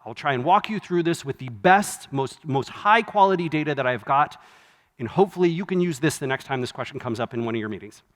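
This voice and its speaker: A man giving a live conference keynote, conversational and wry, with quick asides and self-corrections. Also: medium pitch, expressive. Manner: wry, laughs at his own jokes. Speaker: conference speaker. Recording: long hall reverb from a live venue.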